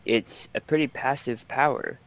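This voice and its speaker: A man voicing a calm adult male instructor at a school for superpowered students, in a plain voice with no accent. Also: medium pitch, normal speed, natural voice. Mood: explaining. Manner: plain quoted speech, no accent attempted.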